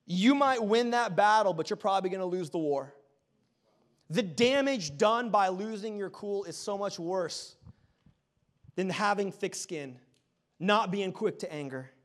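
A male pastor in his thirties delivers a sermon with a light, high voice. He tells a family story in an animated way and jokes at his own expense. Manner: animated storytelling with self-deprecating humor.

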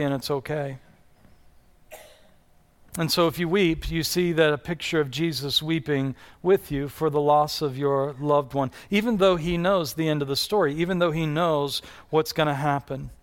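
A man in his thirties giving a conversational sermon as a pastor in a large church, often repeating words as he restarts a thought. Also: a little high. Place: large church hall with congregation.

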